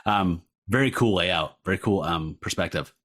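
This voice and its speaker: Excitable low-voiced man chatting comics. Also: moderate pace, breathy edge. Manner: excitable, animated, swears casually. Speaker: podcast co-host. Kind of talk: casual chat about comics.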